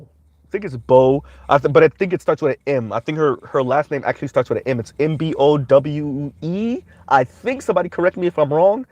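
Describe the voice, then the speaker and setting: A man's voice: mid-range voice, a little mellow, no room sound. Man rambling through livestream commentary. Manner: rambling with frequent "um" fillers. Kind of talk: casual commentary.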